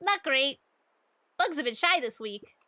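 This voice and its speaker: Woman playing a chirpy quick little kid, high and bright. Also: expressive, no room sound, exaggerated voice. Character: cheerful little bug-hunting kid.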